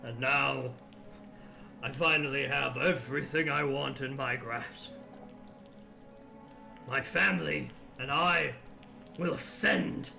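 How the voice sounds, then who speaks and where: A man voicing a gruff, zealous male werewolf leader in a tabletop game, with fervent, slow speech and music underneath. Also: medium pitch, bright, forceful tone, exaggerated voice.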